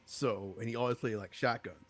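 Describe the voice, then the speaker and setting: A man co-hosting a casual gaming podcast, telling stories from his gaming past. He talks loosely, with restarts, and gets animated when he acts out what others said. His voice sits in a middle pitch. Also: brisk. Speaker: podcast co-host. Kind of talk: casual storytelling chat.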